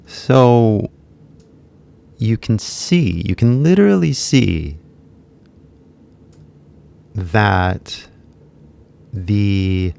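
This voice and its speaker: Deep gravelly man teaching casually. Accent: American English. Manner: switches between English and Japanese, mumbled relaxed delivery. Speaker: English teacher. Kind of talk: casual live-stream lesson.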